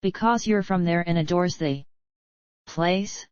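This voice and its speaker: A woman voicing a young cyborg girl who pleads with her captor, read slowly from a screenplay. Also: lowish voice, darkish tone, smooth, no echo, lightly acted. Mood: pleading. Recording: dull lo-fi dry recording.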